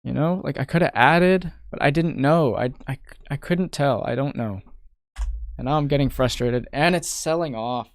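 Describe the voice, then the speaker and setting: Young man, from Canada, casual live-stream talk, frustrated muttering, mid-pitched voice, dry close mic. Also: moderate pace, no echo. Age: young adult. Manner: frustrated muttering, thinking aloud, swearing. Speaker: day trader streaming live.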